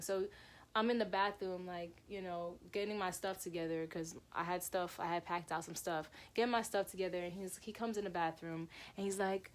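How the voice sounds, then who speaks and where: A woman's voice: lowish voice, fairly even intonation, moderate pace. Young woman rambling thru a story for her viewers, lots of like and y'all, keeps restarting. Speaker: vlogger telling a personal story.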